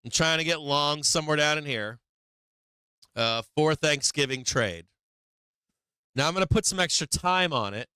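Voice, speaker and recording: A man hosts a live stock trading show, swearing freely, laughing often and acting out what the market will do. His fairly high voice moves at normal speed with frequent pauses, and the tone is clean with no echo.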